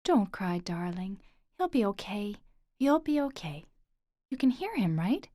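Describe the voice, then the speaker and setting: A woman reading the part of a gentle family friend in an audiobook, soft and soothing. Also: sits high, very animated, fairly quick, no echo, studio quality, pitched above the performer's own voice.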